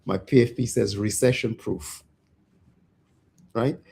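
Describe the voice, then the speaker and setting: A middle-aged man hosting a casual livestream, talking in an animated way and getting worked up, then quieting down. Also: fairly low pitch, slow, creaky, slightly rough. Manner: animated, gets worked up, jumps between loud and soft. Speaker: livestream host.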